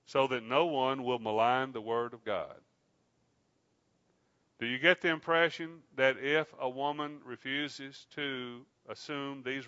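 A man's voice: mid-range voice, pushed and bright, no room sound. Earnest male preacher with a dull sound. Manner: deliberate, slows down for emphasis, rising intensity. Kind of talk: sermon.

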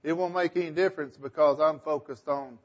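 A man's voice: a little high, fairly even intonation, fairly quick, highs cut off. Man leading a Bible study. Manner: conversational, thinks aloud, asks the group questions. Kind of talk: leading a group Bible discussion.

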